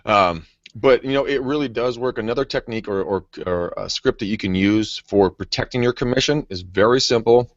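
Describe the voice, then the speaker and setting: A man who works as a real estate agent, telling stories in a casual, animated way. He laughs often and acts out what people said. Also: medium pitch, a little fast, few pauses, no echo, muffled recording. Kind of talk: casual storytelling.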